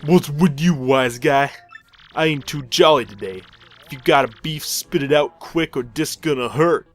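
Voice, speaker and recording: A man's voice: fairly high pitch, normal speed, a little mellow, faint music behind, voice pushed up, close to an everyday voice. A man voicing a surly mobster henchman with a put-on tough-guy accent, reading game dialogue aloud. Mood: threatening.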